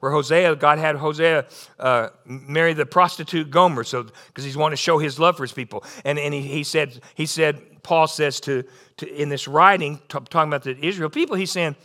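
A middle-aged man preaching a sermon, animated, often restarting and repeating words. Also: fairly high pitch, a little fast. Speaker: pastor.

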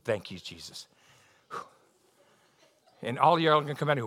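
A middle-aged man, preaching a sermon in a folksy, animated storytelling way that climbs into excited bursts. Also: on the high side, a little fast, pauses often.

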